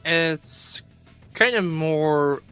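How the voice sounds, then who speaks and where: Bright, laughing stream guest. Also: medium pitch, clean tone, soft background music. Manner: laughs often, enthusiastic, quick restarts. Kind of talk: casual chat.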